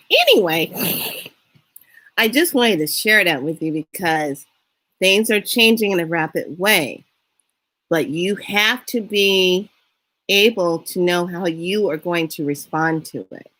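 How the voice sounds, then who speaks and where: Slow-talking woman telling a story. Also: lowish voice. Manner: unhurried, animated retelling with acted-out quotes. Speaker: spiritual reader and vlogger. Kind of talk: casual storytelling monologue.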